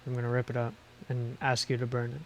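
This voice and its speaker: A man at a tabletop game quietly describes what his character does, step by step. He speaks in a relaxed way at a middle pitch. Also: quick pace, faint music behind. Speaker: player.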